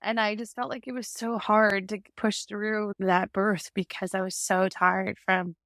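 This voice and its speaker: Gravelly-voiced woman telling her story. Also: mid-range voice, unhurried, no room sound, studio quality. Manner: animated storytelling, acts out quoted exchanges. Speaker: guest, parent advocate. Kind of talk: casual conversational interview.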